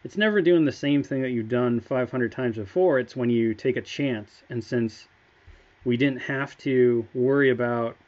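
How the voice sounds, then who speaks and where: A man's voice: mid-range voice, moderate pace, darkish tone, dull audio. A man on a game studio's livestream, telling a story in an enthusiastic, chatty way. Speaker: game studio staff member. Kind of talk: casual livestream chat.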